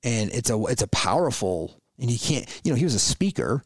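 A man co-hosting a podcast, talking in a casual, reflective and animated way and often restarting his words. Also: mid-range voice, a little fast, no echo. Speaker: podcast co-host.

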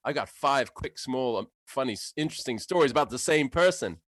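A man co-hosting a casual podcast chat, relaxed and joking, often trailing off quietly. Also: mid-range voice, fairly quick, noisy background. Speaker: podcast co-host.

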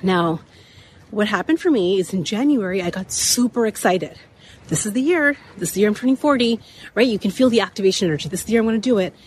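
A woman in her thirties hosts a motivational podcast while hiking uphill outdoors, slightly winded, her mid-range voice a little raspy. She's animated and quick, repeating key points and laughing often. Some background noise comes through.

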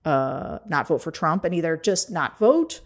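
A woman with a somewhat low voice talks politics in a casual, brisk podcast chat. She is animated and drops in quick laughs as she explains her points. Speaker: podcast co-host and political campaigner.

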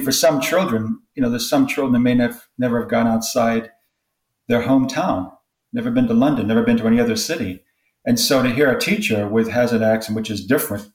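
A man's voice: mid-range voice, a little mellow. A man who is a linguistics expert, explaining points in an interview in a lecturing way and giving spoken examples. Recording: roomy echo.

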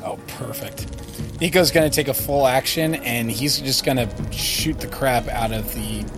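A man playing a tabletop role-playing game, casually working through the rules out loud. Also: mid-range voice, moderate pace, music in the background. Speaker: player.

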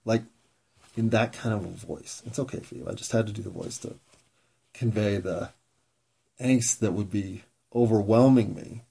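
A man talking through a candid, reflective monologue, rambling with pauses and frequent swearing, self-mocking. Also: fairly low pitch, creaky, warm tone, slightly rough.

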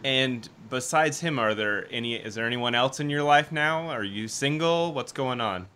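A male podcast co-host with a bright, forward voice. He asks his questions casually, often starting over before landing on the point. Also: mid-range voice, normal speed, a little hiss or hum. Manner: rambling, restarting questions.

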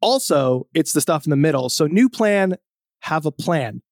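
A man hosts an interview in an upbeat, joking way. His voice sits a bit higher than most men's. The recording is dry and close, with no room echo. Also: lively intonation, moderate pace, darkish tone. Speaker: interviewer host. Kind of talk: interview conversation.

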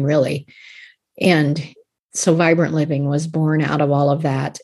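A woman in her fifties talks about her coaching work in a relaxed podcast chat. Her voice sits a little low for a woman, and she speaks earnestly, breaking into light laughs between thoughts. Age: 50s. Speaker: life coach guest. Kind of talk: casual podcast interview.

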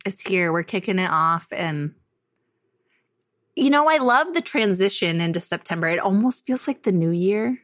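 A woman's voice: fairly low pitch, expressive, normal speed, a bit bright, no echo, clean studio sound. A woman in her thirties co-hosting a podcast, chatting casually and laughing often as she talks about her kids. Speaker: podcast co-host. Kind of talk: casual chat.

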